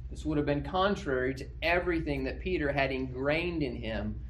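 A man preaching a verse-by-verse sermon, his voice sitting a little high for a man. He talks to his listeners like a teacher, stopping to ask "all right?" and answering his own questions, with a faint hum of ambience behind him. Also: normal speed. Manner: conversational, checks in with rhetorical "all right?". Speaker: pastor. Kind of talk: expository sermon.

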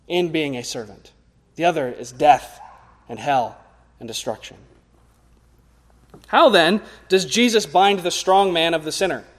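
A young male preacher with a notably high voice delivers an earnest sermon. He swells to loud, forceful peaks and then drops to quiet, low lines. The sound carries a long reverb, like a large hall.

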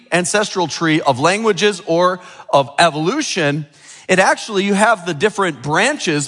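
A middle-aged pastor leads a sermon in a church sanctuary, talking in a chatty way and checking in with the room often. His voice sits slightly high for a man, and a long hall reverb trails after each phrase. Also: a bit bright. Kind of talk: sermon with a children's object lesson.

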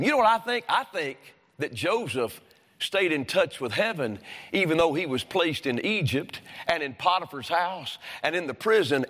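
A man's voice: high-pitched, fairly bright tone, long reverb tail. A male pastor preaching a sermon, emphatic and repeatedly questioning his congregation. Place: church sanctuary.

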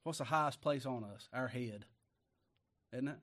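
A man from Kentucky with an Appalachian accent preaching a sermon, folksy and full of rhetorical questions, rising loud when he reads scripture. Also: mid-range voice, normal speed.

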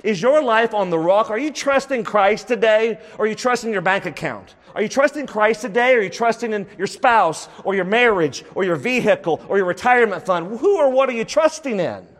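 A man's voice: high voice, lively intonation, brisk, hardly any pauses, fairly bright tone, long reverb tail. A man preaching a sermon, emphatic and full of rhetorical questions, repeating phrases for stress.

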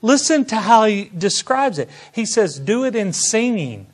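Slow, high-voiced pastor preaching. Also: male voice, very animated. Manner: swings from soft, slow asides to loud, high exclamations of praise. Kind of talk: sermon.

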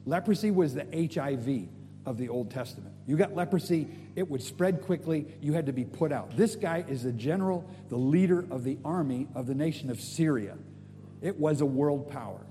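Animated preacher with a mellow voice. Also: male voice, on the high side, long reverb tail, a little hiss or hum. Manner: animated, storytelling, casual slang. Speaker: guest preacher. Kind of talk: sermon.

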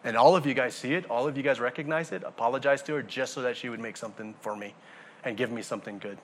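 A man preaching a sermon to a congregation, animated, throwing rhetorical questions and acting out everyday scenes. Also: mid-range voice, quick pace, slight background noise. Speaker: pastor.

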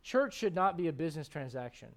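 In his Sunday sermon, a pastor in his thirties speaks rapidly and in a strikingly high voice. The delivery feels conversational and energetic, with frequent sentence restarts.

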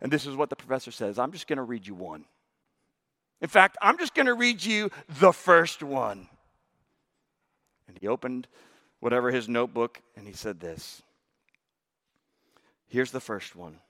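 A male pastor preaching a sermon, telling a story with emphatic rises and hushed drops. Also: mid-range voice, big pitch swings, moderate pace, pauses often.

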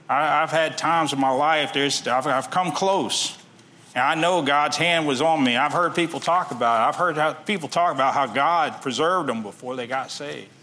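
A man's voice: medium pitch, gravelly, pushed and bright, slight background noise. A man preaching a sermon, reading scripture aloud and then explaining it in plain everyday talk.

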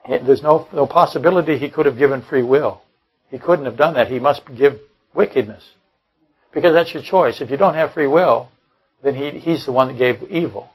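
A man's voice: medium pitch, moderate pace, slightly rough, rough recording. An older man preaching a sermon, blunt and combative, often repeating and restarting his phrases. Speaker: pastor. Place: church service.

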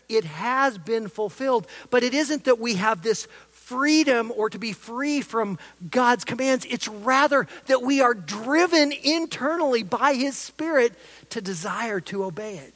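A preacher giving an expository sermon, emphatic, swinging between loud stresses and soft asides. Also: mid-range voice. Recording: long reverb of a large hall.

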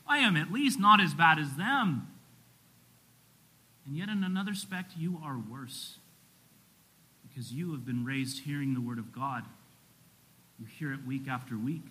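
A man preaching a sermon to a congregation, earnestly rising for emphasis and dropping low on solemn points. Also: bright, forceful tone, rough recording. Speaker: pastor.

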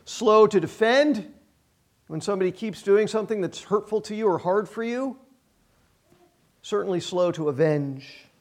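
Pastor, male, middle-aged, higher register, sermon delivered like a chat, emphatic repeats. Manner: conversational and self-deprecating, with emphatic repetitions.

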